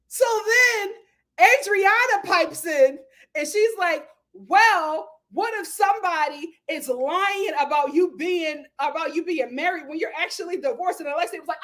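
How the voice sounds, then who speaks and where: A woman casually recapping a reality TV episode, animated, acting out quotes and laughing often. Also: high-pitched, fairly quick. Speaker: reality TV commentator.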